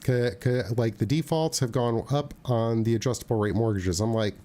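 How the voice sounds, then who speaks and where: A man who works as a realtor, hosting a casual talk show and chatting in an animated way with plenty of fillers and restarts. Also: mid-range voice, moderate pace, hardly any pauses.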